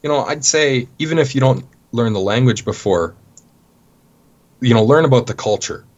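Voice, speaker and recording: A Canadian man, a guest in an interview, telling stories in a relaxed way with plenty of "you know" fillers. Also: medium pitch, normal speed, muffled recording. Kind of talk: casual interview talk.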